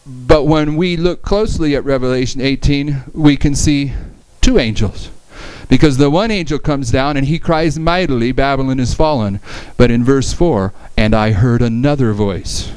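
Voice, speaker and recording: A man's voice: mid-range voice, moderate pace, hardly any pauses, darkish tone, smooth, no echo, low-quality recording. A man giving a Bible study lecture, reading verses aloud and explaining them with frequent restarts.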